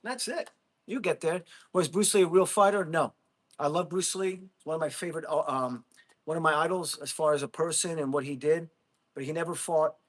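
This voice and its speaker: Speaking a little fast with a fairly high pitch, a middle-aged man runs a laid-back livestream. He goes through comments, chatting bluntly and calling his viewers bro.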